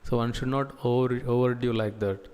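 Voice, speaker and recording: A man giving a scripture class as a preacher, talking slowly with many pauses and fillers. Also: mid-range voice, fairly even intonation, a little mellow, smooth, long reverb tail. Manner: slow, halting delivery with many pauses and fillers. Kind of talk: sermon. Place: temple hall.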